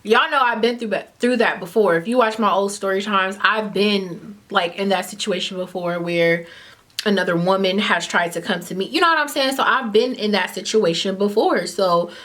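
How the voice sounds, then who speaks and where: A woman's voice: mid-range voice, normal speed. Chatty young woman spilling a story. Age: 20s. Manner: chatty, animated, heavy use of "like" and "you know what I'm saying"; eats while talking at times. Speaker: vlogger telling a story. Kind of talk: casual story time.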